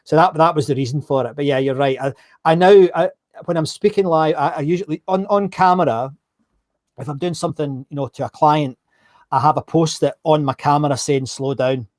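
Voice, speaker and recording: A man with a Scottish accent hosting a live online interview, chatty and quick to laugh, often repeating his words. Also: fairly high pitch, a little mellow. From Scotland. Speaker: host.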